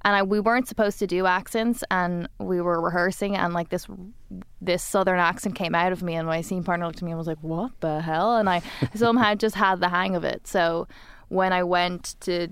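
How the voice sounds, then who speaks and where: A woman's voice: fairly low pitch, steady tone, a little fast, smooth, no room sound. A young Irish woman, an actor guest chatting casually in an interview and laughing easily.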